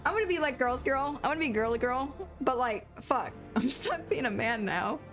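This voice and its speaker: Streamer: young woman, lively swearing commentary, highish voice, game music under it. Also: normal speed. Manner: exasperated, profane, laughing. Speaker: gaming streamer. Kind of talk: casual let's-play commentary.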